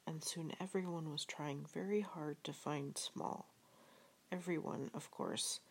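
Slow, husky, half-whispered woman reader. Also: sits low. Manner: soft, half-whispered, breathy delivery. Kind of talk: slow storybook reading.

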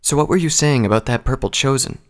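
A man voicing a level-headed male pony soldier who speaks firmly and in a measured way, in an audiobook reading. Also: medium pitch, pitched above the performer's own voice, lightly acted. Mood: probing. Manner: firm and measured. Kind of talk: audiobook character voice.

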